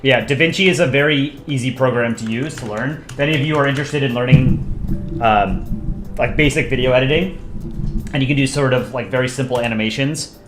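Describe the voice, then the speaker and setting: A man's voice: medium pitch, brisk, echoey room, background noise. A man casually chatting with his stream audience while drawing, thinking aloud and answering chat requests.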